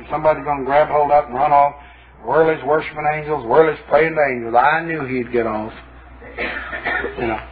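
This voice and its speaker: A man preaching a sermon, telling stories in a folksy, emphatic, wry way. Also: a little high. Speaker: pastor. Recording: tinny phone-like old tape.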